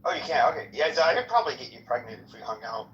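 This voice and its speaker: A man's voice: medium pitch, expressive, very fast, a bit bright, slight background noise. A man from Arizona telling crude, provocative stories in casual comedic banter. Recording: muffled, echoey room.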